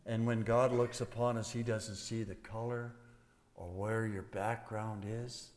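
A man's voice: on the low side, steady tone, measured pace, darkish tone. Older male pastor preaching in a hall. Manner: folksy, preachy, swelling to emphatic stresses. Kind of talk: sermon. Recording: long hall reverb.

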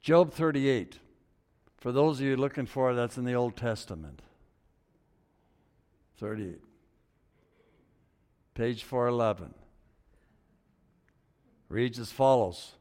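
A male pastor delivering a sermon, emphatic, rising to loud exclamations and dropping to hushed near-whispers, in a church sanctuary. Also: medium pitch, takes it slowly, long pauses. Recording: long hall reverb.

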